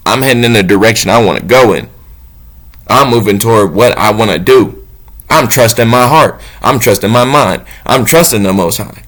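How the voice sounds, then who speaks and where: A man talking off the cuff about faith and self-trust, blunt and profane, swinging between low musing and loud preaching. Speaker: motivational talker. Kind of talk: unscripted spiritual monologue.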